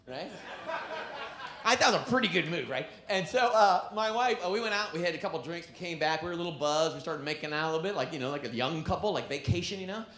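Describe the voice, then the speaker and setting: A man performing a stand-up comedy set on a club stage, telling stories with an animated delivery. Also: a little high, fast. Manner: animated storytelling, breaks into laughs. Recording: echoey club with background noise.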